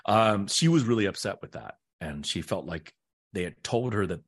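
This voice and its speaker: With a husky, lowish voice at normal speed, a middle-aged man who acts tells stories as a guest in a relaxed interview. He stays animated throughout, voicing the people he quotes.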